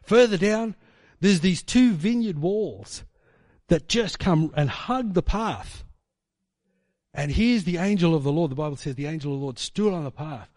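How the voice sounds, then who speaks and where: A man's voice: a little high, measured pace, a little mellow, no room sound. A man preaching a sermon in a casual storytelling way, with fillers and tag questions.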